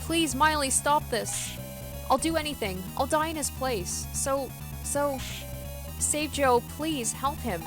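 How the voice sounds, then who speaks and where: A woman's voice: high voice, expressive, slow, over music, pitched above the performer's own voice. A woman voicing a young schoolgirl heroine who pleads earnestly. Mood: pleading.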